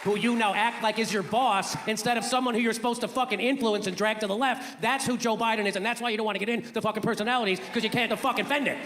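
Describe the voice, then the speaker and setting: A man's voice: sits high, steady tone, quick pace, few pauses, in a large hall, a crowd in the background, noisy background. A man in a played clip ranting sarcastically and profanely. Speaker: political commentator in played clip.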